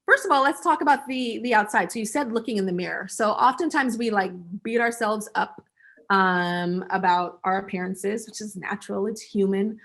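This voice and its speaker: A woman from the United States as the guest in a casual interview over a video call, talking in an animated way and breaking into little acted-out voices. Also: mid-range voice, normal speed.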